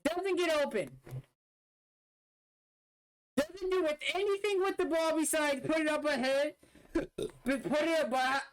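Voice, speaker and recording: A man's voice: very high voice, steady tone, normal speed, a little hiss or hum. A young man streamer giving blunt, dismissive, profane commentary while reacting to game footage. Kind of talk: casual livestream commentary.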